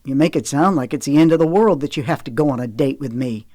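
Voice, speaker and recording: A woman voicing a cocky young man who teases in a low, drawling way in an audiobook. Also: fast talker, mellow, dry recording, studio quality. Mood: stubborn.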